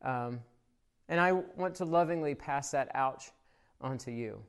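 A man preaching a sermon as a pastor, in an easy conversational way. He tells stories full of filler words. His voice swells when he gets excited and drops quiet when he reflects, in a church service recorded for people watching online. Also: medium pitch, measured pace, clean tone. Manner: conversational storytelling with frequent fillers; grows animated and louder in the story, soft when reflecting.

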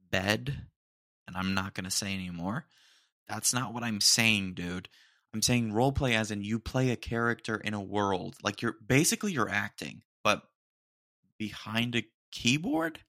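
A man's voice: on the low side, creaky, sharp tone, dry recording, studio quality. A man hosting a casual solo podcast, rambling and joking as he talks. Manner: rambling and jokey, says "dude" a lot. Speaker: podcast host.

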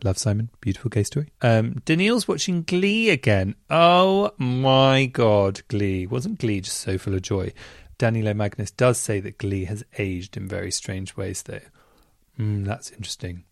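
Podcast host, man, enthusiastic chatterbox; deeper voice with some fry. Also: moderate pace, no room sound, clean studio sound. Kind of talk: casual chat reading listener messages.

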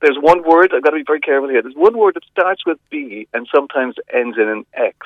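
A middle-aged man reviewing a film over the phone, chatty and hesitant, with many restarts and lively emphasis. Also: on the high side, fast talker, creaky, no echo. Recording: dull phone line.

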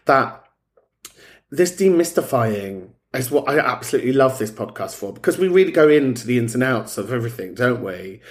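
A man hosting a podcast, talking in a frank, sweary and chatty way. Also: mid-range voice. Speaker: podcast host. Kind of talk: casual chat.

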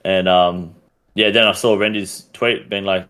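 A man's voice: low-pitched, steady tone, a little slow, fairly bright tone, clean tone. A man with an Australian accent, a guest on a gaming podcast, chatting casually and ranting bluntly with lots of swearing. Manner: blunt, heavily profane, ranting. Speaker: podcast guest, game streamer.

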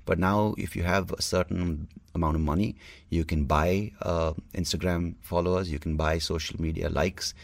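Young comedian host; deep, fry-heavy voice; loose, swearing solo podcast musings, dry close mic. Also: male voice, fairly even intonation, normal speed, no room sound. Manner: candid, rambling, swears freely.

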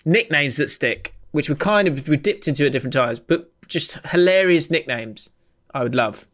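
A young man hosting a podcast, reading out listener comments with frequent laughs and a slowed, playful reading voice. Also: fairly high pitch, expressive, fairly bright tone. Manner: laughs often, reads comments in a slowed, exaggerated voice. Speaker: podcast host.

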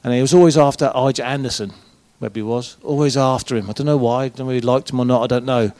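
A man's voice: mid-range voice, fairly even intonation, fast, a little mellow, no room sound. A former footballer, a man, telling colloquial, swearing anecdotes as a guest at a live event. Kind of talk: casual live storytelling. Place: event room with a live audience.

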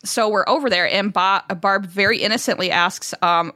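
A woman co-hosting a podcast, telling childhood family stories in a lively, casual way, swearing freely and acting out what others said. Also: mid-range voice, normal speed, no echo, clean studio sound. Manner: animated, swears freely, acts out quotes. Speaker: podcast co-host. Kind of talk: casual storytelling chat.

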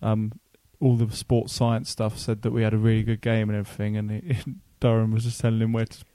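A man's voice: lowish voice, monotone, fairly quick, dark tone, no echo. A man co-hosting a casual football fan podcast, running through match stats in a matter-of-fact way. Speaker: podcast co-host.

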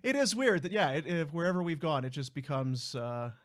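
A Canadian man co-hosting a sports podcast, telling stories with frequent laughs and trailing off softly, and also reading a live ad. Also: a little high, sing-song, brisk, no room sound, clean studio sound. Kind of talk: casual chat and live ad read. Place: small podcast studio. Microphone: studio mic.

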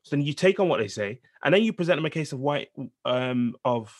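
A man's voice: fairly high pitch, lively intonation, a little fast. A man co-hosting a podcast, debating politics in casual chat and repeating himself to hold the floor. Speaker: podcast co-host.

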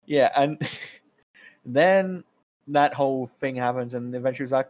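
A man's voice: medium pitch, a little slow, a little mellow. A young man co-hosting a casual comedy podcast, making wry, swearing jokes as he recaps a show. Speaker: podcast co-host.

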